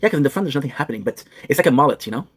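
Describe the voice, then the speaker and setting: A man's voice: mid-range voice, animated, very fast, a crowd in the background. A young man streaming, joking crudely and rambling as he switches between English and French. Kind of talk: casual joking chat.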